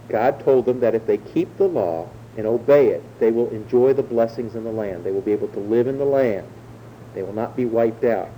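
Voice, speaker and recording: Dark-voiced man preaching a measured sermon. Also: mid-range voice, slight background noise, rough recording. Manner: measured teaching, slowing to stress key words. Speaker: pastor.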